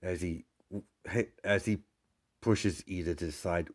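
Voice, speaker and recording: A man's voice: sits low, fairly even intonation, a little slow. A man narrating a fan fiction story off the cuff, rambling with many fillers and asides.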